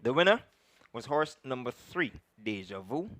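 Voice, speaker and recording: A man calls the field and results at a horse race in a steady, formal manner, pausing to politely correct himself now and then. His voice sits at an ordinary middle pitch. The sound is close and dry, with little room around it. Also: no room sound. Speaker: racecourse announcer. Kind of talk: horse racing announcing and recap. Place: commentary box at a racecourse.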